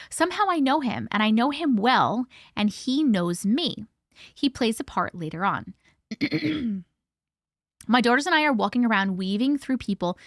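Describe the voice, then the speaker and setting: This is a dry, clean studio recording of a woman whose voice is fairly high and a bit bright. As host of a live stream, she reads a listener's story aloud with blunt expressiveness, cursing and reacting to what she reads.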